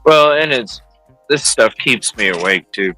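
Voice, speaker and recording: A man hosting a livestream from his car in heavy rain, chatting in a relaxed, rambling way. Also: medium pitch, measured pace, dry recording, faint music behind, poor audio. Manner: relaxed, rambling, thinks aloud. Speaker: livestream host. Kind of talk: casual chat while driving.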